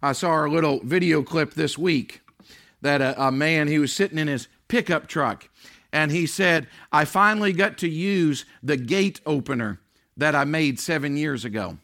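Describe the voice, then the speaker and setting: A man preaching a sermon, swinging between loud, drawn-out emphasis and low, hushed lines. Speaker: pastor.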